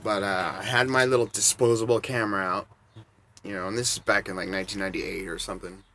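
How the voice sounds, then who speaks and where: A man's voice: lowish voice, steady tone, fast talker, bright, forceful tone, slight background noise. A man in his forties telling rambling, casual anecdotes and chuckling between bits. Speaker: storyteller.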